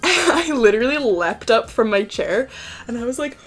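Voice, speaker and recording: A young woman chatting excitedly at home as she unboxes collectible figures, with lots of "like" in her talk. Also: on the high side, moderate pace. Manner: excitable and chatty, heavy use of "like". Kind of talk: casual unboxing chat. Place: home room with a PC.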